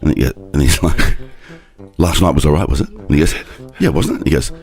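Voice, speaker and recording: A man's voice: a bass voice, sing-song, fairly quick, vocal fry, darkish tone. A middle-aged man telling a long rambling anecdote as a talk show guest, acting out the other voices.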